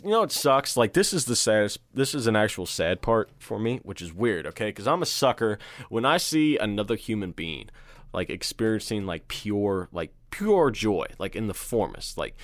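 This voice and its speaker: A man's voice: lowish voice, no echo. Earnest man rambling in casual chat. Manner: earnest, rambling, many fillers. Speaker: podcast co-host.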